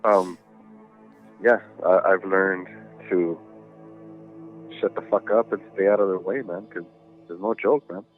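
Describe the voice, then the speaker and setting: A deep male voice goes a little slowly and pauses often, faint music behind him. He's a podcast guest rambling through a ghost story over a tinny phone-like line, swearing and leaning on many fillers in casual storytelling.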